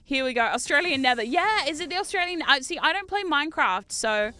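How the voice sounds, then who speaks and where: A woman with a New Zealand accent giving casual gameplay commentary as a streamer. She talks loudly and excitably and swears a lot. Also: high voice, fairly quick, few pauses, over music. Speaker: VTuber streamer.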